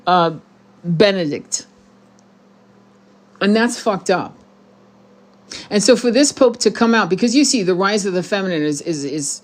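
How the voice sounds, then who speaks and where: A woman hosting her spiritual channel, talking bluntly and heatedly to her viewers in a profane, rambling monologue with many restarts. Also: mid-range voice. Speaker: tarot channel host.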